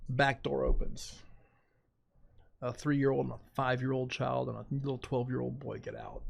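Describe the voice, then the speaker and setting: Gravelly-voiced man telling a dramatic story. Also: mid-range voice, moderate pace. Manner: animated, dramatic retelling with quoted asides. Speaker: podcast guest. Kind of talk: casual storytelling.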